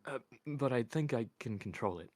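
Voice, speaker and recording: A man voicing an intense young man who speaks quietly and evenly with a cold edge, reading a story aloud. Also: mid-range voice, normal speed, dry recording, pitched above the performer's own voice, natural voice. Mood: anxious. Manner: quiet, even, menacing.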